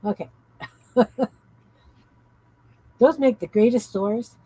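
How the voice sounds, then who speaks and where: A woman's voice: on the high side, slow, mellow, slightly rough, no room sound, rough recording. A woman hosting a casual crafting live stream, tired, rambling and giggling as she chats with viewers.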